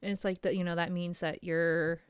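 A middle-aged woman talks to camera in a candid, rambling vlog, emotional and self-deprecating. Her voice sits a little low and sounds smooth and clear. The room is dry, with little echo. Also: flat delivery, normal speed. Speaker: small business owner. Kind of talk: candid personal vlog monologue.

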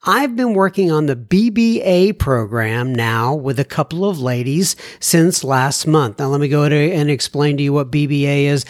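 A man's voice: a little high, moderate pace, few pauses, dry recording, studio quality. A man with a Texan accent hosting a podcast, chatting casually as he reads listener mail, folksy and full of fillers. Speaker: podcast host.

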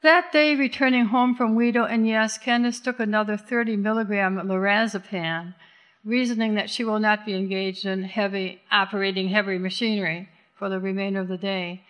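A woman narrating an audiobook in an intense, measured way, slowing down on key words. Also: mid-range voice, steady tone, a bit bright, clean tone. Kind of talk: scripted narration.

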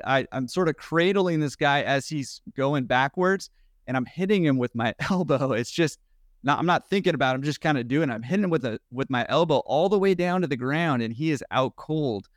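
Man telling a story at a brisk clip. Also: fairly high pitch, no room sound, studio quality. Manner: energetic, quick-paced storytelling. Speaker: laundromat owner guest. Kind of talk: storytelling anecdote in a podcast interview.

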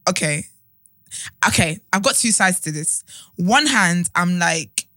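A young woman co-hosting an advice podcast, chatty and animated, often laughing and restarting her thoughts. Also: on the low side, slow pace, no room sound. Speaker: podcast co-host. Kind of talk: casual advice chat.

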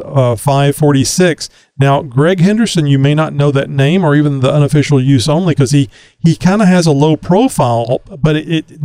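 A man's voice: a little high, a little mellow, dry recording. A man co-hosting a podcast in casual chat, rambling with frequent fillers and restarts. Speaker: podcast co-host.

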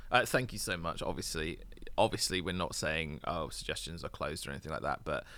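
A man co-hosting a podcast, his voice low and rough after a night of drinking, chatting casually and swearing now and then. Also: animated, brisk, sharp tone. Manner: laughs a lot, swears casually. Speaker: podcast co-host. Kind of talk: casual chat.

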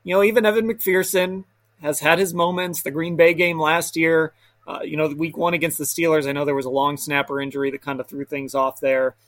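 A man with a slightly high voice weighs in on a casual sports panel. He restarts his sentences often. The sound is dry and close. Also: little pitch movement, brisk, fairly bright tone, no room sound. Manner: hesitant, stammering restarts.

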